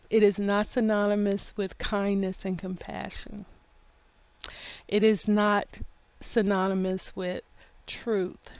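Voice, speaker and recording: A woman in a casual opinion monologue, folksy and full of endearments, laughing often and getting loud when worked up. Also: mid-range voice, vocal fry, clear, resonant tone, no echo, muffled recording. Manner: folksy, drawls endearments like honey and baby. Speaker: vlogger.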